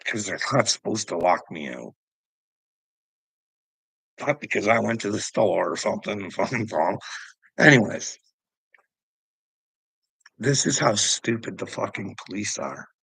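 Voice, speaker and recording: A man's voice: fairly low pitch, expressive, measured pace, gravelly, long pauses, a bit bright, breathy edge, dry recording, low-quality recording. A middle-aged man delivering an agitated, profane vlog rant. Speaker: vlogger. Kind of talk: ranting vlog monologue.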